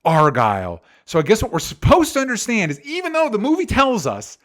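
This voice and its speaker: A man's voice: sits high, wildly swooping pitch, brisk, fairly bright tone. A man co-hosting a casual chat show, ranting animatedly with exasperation and swearing. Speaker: podcast co-host.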